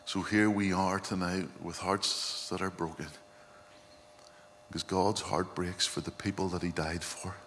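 A pastor with a low, unhurried, fairly bright voice preaches an earnest, reflective sermon in a flat delivery, often quoting scripture. Long reverb suggests a large church hall, with a faint hum underneath.

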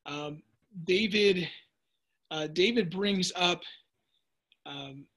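Speaking extremely slowly, this man has a high-sitting voice with a slightly bright quality. He runs a laid-back Bible study lesson, joking around and fielding viewers' typed questions, and he tends to restart sentences partway through.

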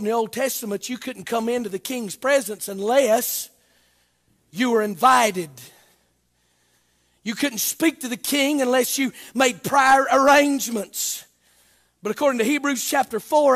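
A Baptist preacher, delivering a sermon that swings between hushed talk and shouted, chanting preaching. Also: male voice, very high-pitched, a little slow, long pauses, big-room sound.

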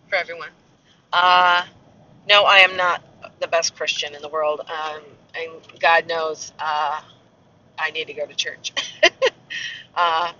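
A rambling, chatty man, talking casually to his viewers in a high, very bright voice. The sound is muffled and a little distant from the mic. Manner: rambling, chatty, self-mocking asides. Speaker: castle tour guide. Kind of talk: casual vlog chat.

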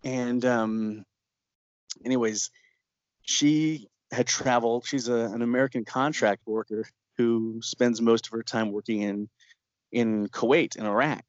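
A documentary filmmaker tells an anecdote in an interview, recounting a shoot as a lively storyteller who laughs often and slips into other people's voices to act out quotes. His voice is medium-pitched and a little slow, with no echo. The recording sounds muffled, dull and lo-fi, dry and close.

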